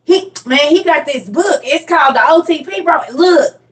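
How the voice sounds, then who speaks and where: Lady doing hyped up young dude, high and breathless, all bro and man. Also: lively intonation. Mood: excited. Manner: rapid, breathless, keeps saying bro and man. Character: excitable young man hyping up his smart friend.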